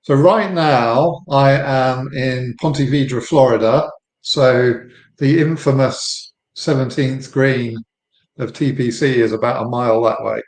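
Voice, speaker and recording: A man in his fifties from the United Kingdom with an English accent, a relaxed guest on a podcast interview over a video call. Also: mid-range voice, slow, roomy sound, rough recording. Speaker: guest, company founder. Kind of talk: casual interview chat.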